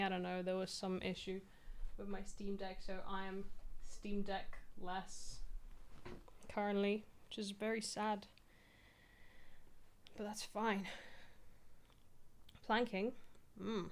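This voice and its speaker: A woman's voice: mid-range voice, a bit bright. Young woman, streamer, rambling casual chat, self-mocking, small office, desk mic.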